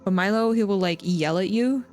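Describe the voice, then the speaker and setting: A woman's voice: mid-range voice, moderate pace, a little mellow. A woman live streamer chatting casually with her viewers while she plays, rambling and often restarting her sentences. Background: faint game music.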